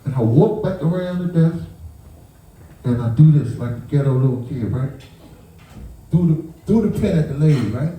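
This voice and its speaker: In a high voice at normal speed, pausing often, a victim's uncle relates an emotional account and animatedly plays out the scene. His words trip, restart and repeat, and the distant pickup leaves the recording very echoey.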